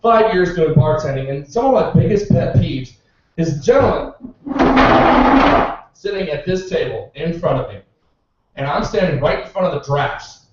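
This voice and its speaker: Male stand-up comic, high-pitched and sarcastic. Echoey bar, distant dull mic. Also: animated, normal speed, pauses often, heavy background noise. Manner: sarcastic storytelling with profanity. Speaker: stand-up comedian, bartender. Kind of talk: stand-up comedy set. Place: small bar at an open-mic comedy night.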